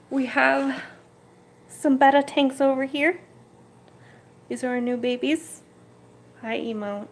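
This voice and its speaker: A woman hosting a casual livestream from her home fish room, chatting fondly and cooing at her fish while carrying the camera around. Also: a little high. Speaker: betta fish breeder and channel host. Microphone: handheld camera moved around the room.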